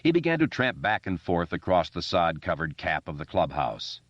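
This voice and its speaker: A man narrating a novel as an audiobook reader, expressive and doing voices for the characters. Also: low voice, moderate pace, no room sound, muffled recording. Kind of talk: scripted narration.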